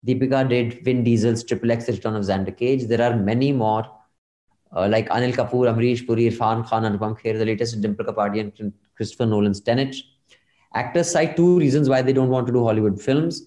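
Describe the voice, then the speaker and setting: A man's voice: medium pitch, steady tone, fairly quick, warm tone, roomy sound. A man hosting a podcast in casual chat, reading listener emails aloud and adding his own asides. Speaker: podcast host.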